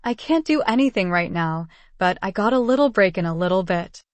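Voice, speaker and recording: A woman's voice: medium pitch, expressive, fairly quick, no room sound, natural voice. A woman voicing a scruffy, gap-toothed male carnival game worker with a folksy Texan drawl.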